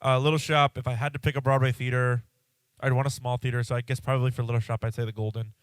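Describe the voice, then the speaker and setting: A congested podcast host talks fast through a rambling solo episode, swearing casually and abandoning thoughts midway. His voice is smooth, resonant, and mid-range with little pitch movement, recorded close and dry.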